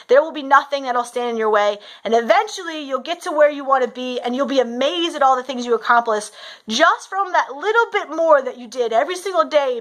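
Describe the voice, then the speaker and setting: Bright, high-voiced woman coach. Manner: storytelling, often adds "right?". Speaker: fitness and mindset coach. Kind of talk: motivational talk to camera.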